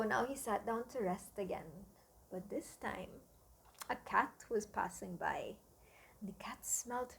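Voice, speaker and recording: A woman teaching children with a story, gentle and often dropping to hushed asides. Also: mid-range voice, lively intonation, unhurried, creaky.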